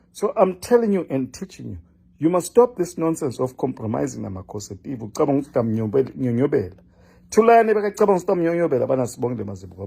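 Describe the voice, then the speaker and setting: An older man lectures and scolds in an impassioned political monologue. His voice is gravelly and husky, with a dark, mellow tone, and his pitch swings widely as he presses his points. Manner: scolding, lecturing, repeats a name for emphasis. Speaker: political commentator. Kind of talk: impassioned direct-address monologue.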